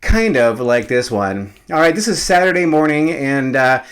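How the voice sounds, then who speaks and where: A man's voice: mid-range voice, animated, moderate pace, a bit bright, clear, resonant tone. A realtor in his fifties talking casually on his own vlog. He rambles with many fillers and is still slightly out of breath after a workout. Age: 50s.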